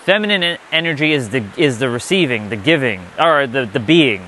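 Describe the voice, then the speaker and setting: A man's voice: medium pitch, animated, a little fast, bright, forceful tone, a little hiss or hum. A man giving an unscripted spiritual lesson, blunt and emphatic, often swearing. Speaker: spiritual teacher.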